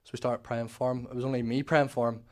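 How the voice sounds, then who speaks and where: A man's voice: medium pitch, flat delivery, quick pace, a little mellow. A man, an ex-prisoner giving an emotional, rambling faith testimony to a church congregation. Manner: rambling, emotional storytelling with restarts.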